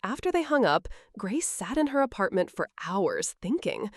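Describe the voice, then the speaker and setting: A woman reading a scripted story in an expressive, measured storytelling voice. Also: mid-range voice, no echo, studio quality. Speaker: narrator. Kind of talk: scripted narration.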